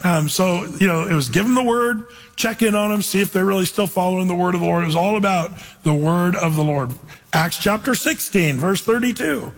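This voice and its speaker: High-voiced husky pastor preaching. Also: male voice, brisk, big-room sound, low-quality recording. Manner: earnest, emphatic preaching with scripture readings. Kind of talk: expository sermon.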